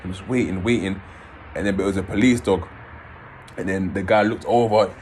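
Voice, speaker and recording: A man, casually telling his own story in an animated way, swearing and acting out scenes. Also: deep voice, fairly quick, slight background noise. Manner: animated, swearing, acts out scenes in raised voices.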